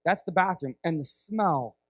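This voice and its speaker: In this storytelling sermon, a guest preacher with a fairly high-pitched voice speaks at normal speed, with no echo. He's an animated storyteller who acts out voices and frequently asks "right?" as he tells a vivid story.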